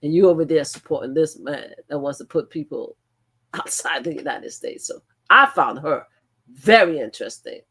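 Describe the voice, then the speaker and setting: An older woman hosts a livestream and reacts to clips in a loose, conversational way. She is emphatic, circles back to repeat her points, and bursts into loud exclamations. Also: deep voice, animated, moderate pace, husky. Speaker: livestream host.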